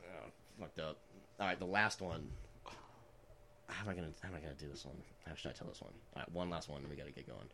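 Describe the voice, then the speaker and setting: A man's voice: rumbling low, quick pace, vocal fry, bright, forceful tone, a little hiss or hum. A man in his twenties telling prank stories in a casual chat, rambling with lots of filler words and laughing as he goes.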